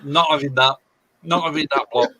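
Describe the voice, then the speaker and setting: A man's voice: on the high side, fairly even intonation, moderate pace, bright, forceful tone, poor audio. A British man hosting a livestream, laid-back and joking in casual chat. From Britain. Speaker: livestream host.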